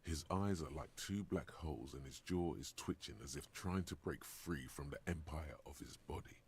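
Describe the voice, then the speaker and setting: Deep gravelly game narrator. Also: male voice, normal speed, a little mellow, dry recording, full character voice.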